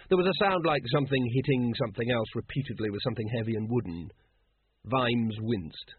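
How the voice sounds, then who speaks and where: A male narrator telling a story in a dry, wry way, his voice husky and close with no room around it. The whole recording is squeezed into a narrow phone-like band. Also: mid-range voice, animated, brisk, no echo. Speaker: audiobook narrator. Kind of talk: scripted narration.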